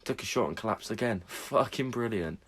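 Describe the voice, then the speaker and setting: A man with a lowish voice co-hosts a podcast, swearing freely as he tells a story. He laughs often and keeps the chat loose. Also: moderate pace. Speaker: podcast co-host. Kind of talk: casual chat.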